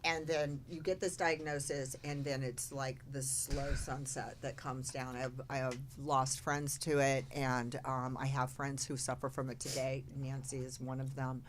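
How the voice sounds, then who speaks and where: A woman hosting a podcast in casual chat, speaking softly and with sympathy. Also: very deep voice, level tone, measured pace, few pauses, slight background noise. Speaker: podcast host.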